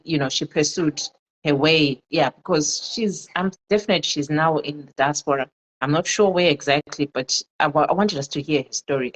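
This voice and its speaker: A woman's voice: deep voice, low-quality recording. A woman hosting a casual Facebook live chat on her phone, earnest and repeating her phrases, slipping in Zulu words. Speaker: livestream host.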